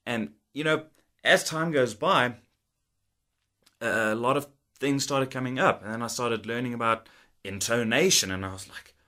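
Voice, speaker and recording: A chatty man in his thirties tells stories from his work as a guitar technician, laughing often and acting out old conversations. His voice is bright and forceful, with an easy, casual delivery to the camera. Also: mid-range voice, moderate pace.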